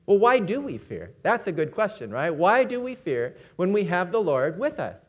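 A man's voice: sits high, sing-song, moderate pace. A man preaching a sermon, retelling stories and briefly acting out the quoted lines.

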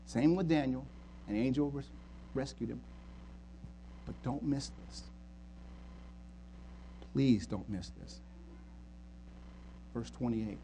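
Pastor guy preaching, gets loud and fired up, bit of hum behind him. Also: mid-range voice, slow pace, pauses often, low-quality recording. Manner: preaching, rising loud and fervent in retold scripture. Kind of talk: sermon.

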